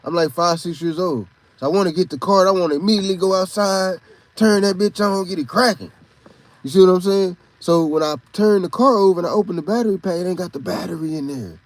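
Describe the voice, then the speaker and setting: Texan dude hosting a podcast, highish voice, cussing and rambling, dry close sound. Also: male voice, fast, no room sound. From Texas. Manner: profane, rambling, animated. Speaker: podcast host. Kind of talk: casual storytelling monologue.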